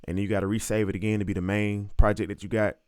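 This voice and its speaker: A man's voice: fairly low pitch, flat delivery, racing, smooth, dry recording, clean studio sound. A young man from Alabama with a Southern accent, chatting casually to viewers as he walks through making a beat. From Montgomery, Alabama. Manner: laid-back, chatty, addresses viewers as y'all. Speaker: beat producer. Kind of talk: casual tutorial talk-through. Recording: music playing loudly behind the voice.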